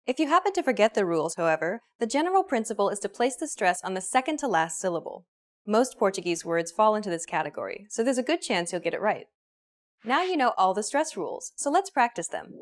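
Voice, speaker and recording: A woman's voice: mid-range voice, brisk. Woman narrating a language lesson. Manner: clear, even teaching delivery. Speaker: language course host.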